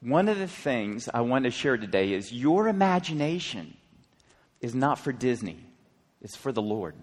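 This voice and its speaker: A man's voice: mid-range voice, sing-song, moderate pace. A man preaching, earnestly and dramatically retelling a story with quoted dialogue. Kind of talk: sermon storytelling. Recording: long hall reverb.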